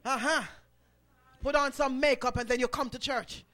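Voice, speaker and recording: High, bright-voiced shouting preacher man. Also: fairly even intonation, normal speed. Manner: rising to shouted preaching with "uh" between phrases; calls for the congregation to respond. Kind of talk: sermon.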